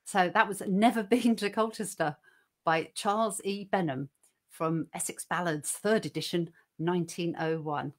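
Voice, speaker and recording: A woman's voice: on the low side, steady tone, normal speed. Giggly woman co-host on a call. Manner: giggly, self-deprecating. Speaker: co-host reading a dialect poem. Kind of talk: casual online show chat. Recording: online video call.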